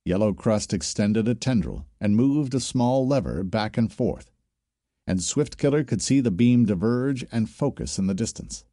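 A man narrating a science-fiction story as an audiobook, telling it steadily with expressive shifts. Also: on the low side, no echo, studio quality.

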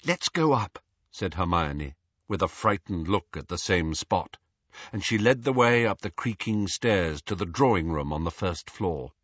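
Husky man narrating a story. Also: low-pitched, no echo. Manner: expressive, measured storytelling. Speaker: audiobook narrator. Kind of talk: scripted narration. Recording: dull lo-fi audio.

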